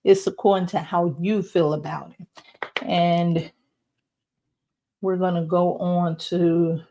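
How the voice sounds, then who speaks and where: Woman, card reader; low voice, unhurried, reflective, speaks directly to listener. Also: flat delivery, dark tone, slight background noise. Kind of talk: spiritual card reading.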